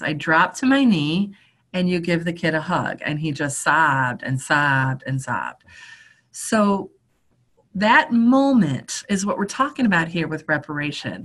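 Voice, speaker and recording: A middle-aged woman, a religious sister and teacher, giving a reflective spiritual talk and telling a story in an unhurried, conversational way with fillers and restarts. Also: on the low side, fairly bright tone.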